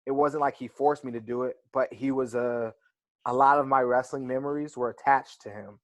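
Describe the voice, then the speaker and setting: A man's voice: medium pitch, steady tone, normal speed, dry recording. A young man, a wrestler, telling stories in a casual interview, reflective and full of fillers like "like" and "right". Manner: reflective, storytelling with many fillers. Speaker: wrestler guest.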